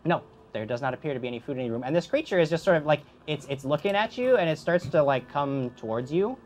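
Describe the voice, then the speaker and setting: Male game master, tabletop narration, animated, halting restarts, faint background hum. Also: on the high side.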